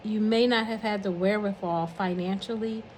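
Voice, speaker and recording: An older woman speaking earnestly and warmly, encouraging listeners and counting off her advice point by point. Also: medium pitch, steady tone, moderate pace, slight background noise, poor audio. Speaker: speaker giving a message of encouragement. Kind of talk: heartfelt spoken message.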